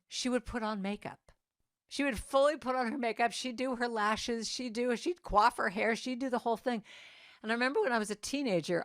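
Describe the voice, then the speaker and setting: Woman, musician and singer-songwriter, telling personal stories to a church congregation. Conversational delivery, slips into the voices of people she quotes. Mid-pitched voice, dry close sound. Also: no echo. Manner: conversational, acts out quoted dialogue. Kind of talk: personal storytelling talk. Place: church service.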